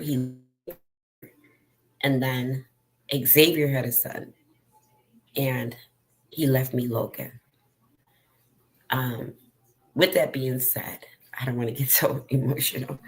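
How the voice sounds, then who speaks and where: A middle-aged woman talks straight to her viewers, slow and deliberate, her low voice full of gravel. She speaks earnestly and with feeling, telling a personal story. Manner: slow, earnest and emotional, addressing viewers directly. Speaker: vlogger.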